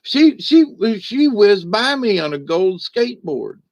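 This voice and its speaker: A man doing a squeaky, excited gossip. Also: measured pace, dry recording, lo-fi sound, full character voice.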